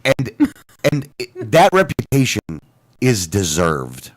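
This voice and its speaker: A man's voice: lowish voice, takes it slowly. A man co-hosting a radio talk show, animatedly retelling a phone call with many restarts and quoted lines. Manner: animated storyteller, lots of restarts and quoted dialogue.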